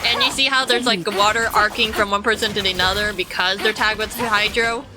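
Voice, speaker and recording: A woman's voice: medium pitch, steady tone, brisk, noisy background. A woman streamer giving casual gameplay commentary, rambling through explanations to her chat.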